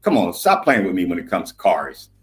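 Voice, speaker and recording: A man's voice: deep voice, wildly swooping pitch, a little fast, soft background music, rough recording. An older man on a podcast panel, blunt and lecturing, arguing heatedly and talking over others.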